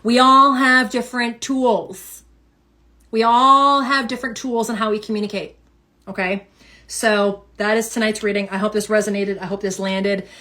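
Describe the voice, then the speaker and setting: A woman giving a casual tarot reading, animated and emphatic, repeating phrases for effect. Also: mid-range voice, moderate pace. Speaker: tarot reader.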